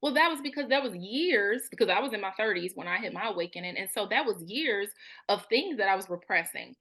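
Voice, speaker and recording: Speaking at a slightly fast clip, this woman in her thirties, who works as a therapist and spiritual coach, tells her personal story in a frank, everyday way. Her mid-range voice is animated, pushed, and bright, and she brings the thoughts she quotes to life.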